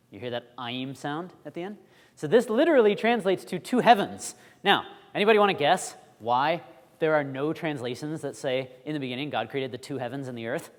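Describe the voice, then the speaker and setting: Lively man lecturing in a hall. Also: mid-range voice. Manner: lively, quizzes the audience. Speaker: Bible school teacher. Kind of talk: classroom lecture.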